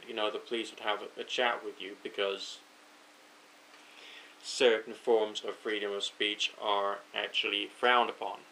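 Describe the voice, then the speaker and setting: Late at night, an overtired British vlogger rambles his thoughts to camera, correcting himself as he goes. His voice is fairly low, with vocal fry and a pushed, bright quality. The audio is poor, with a little hiss or hum.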